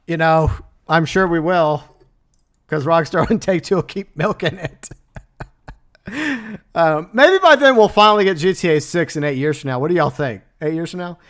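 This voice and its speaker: A man's voice: on the high side, expressive, normal speed, fairly bright tone. A man hosting a casual livestream, chatting and laughing as he answers messages from his chat. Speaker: livestream host.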